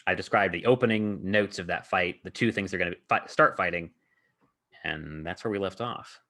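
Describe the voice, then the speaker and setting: Deep-voiced man recounting his game. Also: moderate pace, pushed and bright. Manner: rambling, heavy on filler words, laughs often. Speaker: podcast host and game master. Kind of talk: casual chat recounting a tabletop game session.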